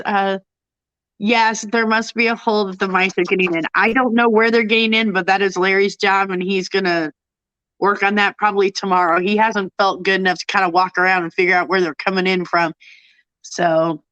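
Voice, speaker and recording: A woman's voice: mid-range voice, little pitch movement, brisk, a bit bright, no echo, dull audio. A woman hosting a casual chat, congested and tired from illness, laughing often and reading out viewer comments. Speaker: host.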